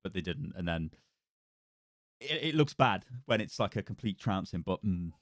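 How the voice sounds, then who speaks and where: A man's voice: deep voice, animated, moderate pace, fairly bright tone, no echo, studio quality. A man hosting a casual live co-stream, chatting and laughing often while reading out the chat.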